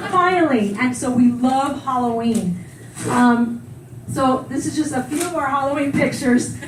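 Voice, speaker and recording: A woman's voice: fairly high pitch, slight background noise. A woman in her forties giving a conference keynote, telling personal stories in a chatty way, laughing often and acting out the voices she quotes. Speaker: keynote speaker. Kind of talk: conference talk, personal storytelling. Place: conference hall. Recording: echoey hall, heard from far off.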